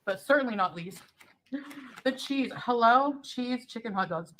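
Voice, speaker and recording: A woman's voice: on the high side, lively intonation, a little slow, bright, forceful tone. Chatty woman reviewing snacks while eating. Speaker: food vlogger. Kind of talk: mukbang food review.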